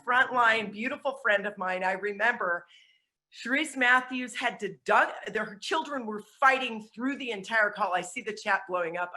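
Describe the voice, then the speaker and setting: Woman, high bright voice, flustered and sweaty, rallying her team over a video call from home. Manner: energetic and chatty, laughing at herself. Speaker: network marketing speaker. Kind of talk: motivational online presentation. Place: at home with dogs.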